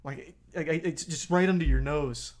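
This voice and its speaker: A man's voice: fairly high pitch, moderate pace, a little mellow. A man streaming a casual reaction to a video, blunt and profane, who gets heated as he comments.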